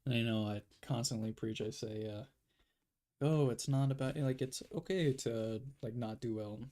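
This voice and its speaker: In a warm, mid-range voice at normal speed, a young art streamer chats casually as he draws during a livestream. He rambles and is self-deprecating, filling his talk with fillers, and comes across tired and yawning.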